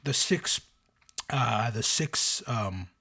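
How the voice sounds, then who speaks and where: A man co-hosting a casual podcast, rambling with loud enthusiastic bursts as he explains things. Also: mid-range voice, expressive, extremely slow, creaky. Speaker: podcast co-host.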